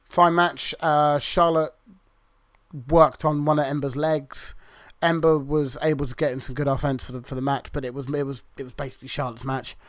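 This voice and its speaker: A man's voice: on the high side, level tone, normal speed, no room sound. A man co-hosting a podcast, chatting casually through a wrestling review, rambling and swearing freely as he acts out the wrestlers' lines. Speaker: podcast co-host.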